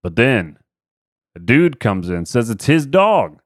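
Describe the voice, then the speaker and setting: A man's voice: medium pitch, big pitch swings, takes it slowly, no echo, clean studio sound. A man co-hosting a podcast in casual chat, recapping a TV episode with laughs and acted-out quotes. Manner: laughing, loose, acts out quotes. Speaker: podcast co-host.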